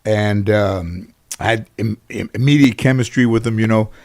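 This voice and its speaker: A man with a fairly low voice speaks at normal speed as a guest in a relaxed interview. His long anecdotes ramble, thick with fillers and restarts, and he animates the people he quotes.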